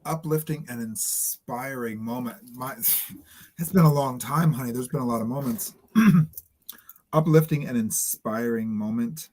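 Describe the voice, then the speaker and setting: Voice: mid-range voice, unhurried, a little mellow. A co-host chatting casually on a drag podcast, sassy and effusive. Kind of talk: casual chat.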